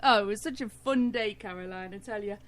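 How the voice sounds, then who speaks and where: A woman's voice: mid-range voice, a little fast, a bit bright. A woman with a British accent co-hosting a radio show, chatting cheerfully and laughing often. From Britain. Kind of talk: casual radio chat.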